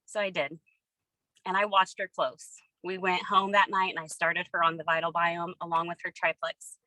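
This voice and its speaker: A woman's voice: lowish voice, flat delivery, moderate pace, bright, forceful tone, no room sound, rough recording. A woman giving an earnest, emotional personal testimony over a video call. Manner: earnest, tearful, storytelling. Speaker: testimony speaker.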